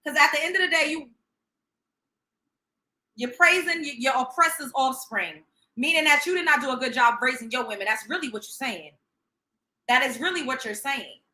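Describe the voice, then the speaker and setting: A woman's voice: high-pitched, moderate pace, long pauses, pushed and bright. A woman hosting a livestream, reacting in a profane, sarcastic, emphatic rant. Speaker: livestream host. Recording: roomy echo.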